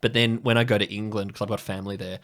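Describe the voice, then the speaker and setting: An Australian man from Sydney, talking as a podcast guest who wanders through his theories and hedges with plenty of fillers. His voice sits a little lower than average. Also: little pitch movement, racing, a bit bright. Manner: rambling, hedging, many fillers. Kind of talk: casual chat.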